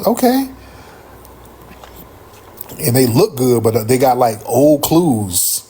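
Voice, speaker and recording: A middle-aged man spins a casual comic tale on a livestream, cursing freely and doubling back on his words. His voice has a husky grain, and his pitch leaps around with lively energy as he tells it. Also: slow, long pauses. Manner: animated, profane, rambling with restarts. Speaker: livestream host.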